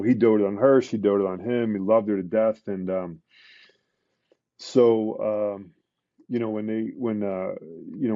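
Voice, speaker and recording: Retired cop guest, low mellow voice, dry dull lo-fi sound, hesitant with lots of ums. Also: male voice, creaky, dry recording. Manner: halting, many fillers and restarts. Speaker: guest, retired police detective. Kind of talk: conversational interview.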